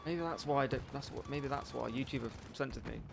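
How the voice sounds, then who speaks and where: A young man chats loosely while he plays a shooter, his sentences trailing into filler and casual swearing. Game gunfire rattles clearly behind his voice. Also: medium pitch, brisk, very noisy. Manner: laid-back, swearing, rambling with filler words. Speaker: gaming streamer. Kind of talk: casual chat while gaming. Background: gunfire and game sounds.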